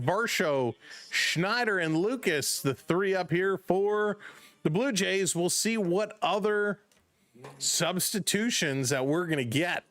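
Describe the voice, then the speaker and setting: A man hosting a live baseball stream, mixing play-by-play with chatty greetings to viewers. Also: takes it slowly. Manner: chatty, greets chat viewers by name between pitches; gets loud and excited on big plays. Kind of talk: casual live play-by-play commentary.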